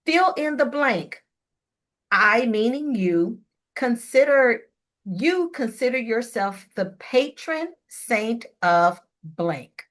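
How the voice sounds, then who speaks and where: A woman's voice: fairly high pitch, lively intonation, takes it slowly. A middle-aged woman hosting a radio interview show, chatting playfully and laughing often. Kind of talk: casual interview chat.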